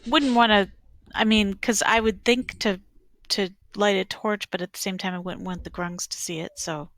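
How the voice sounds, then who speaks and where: A woman's voice: mid-range voice, steady tone, moderate pace, a bit bright, no echo. A woman playing a tabletop game, thinking aloud in a tentative way. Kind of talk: casual game chat.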